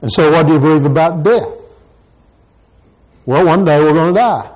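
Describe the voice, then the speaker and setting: A man's voice: fairly high pitch, normal speed, darkish tone, rough recording. A pastor preaching a sermon to his congregation, pressing the same questions again and again. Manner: repeats rhetorical questions to the congregation.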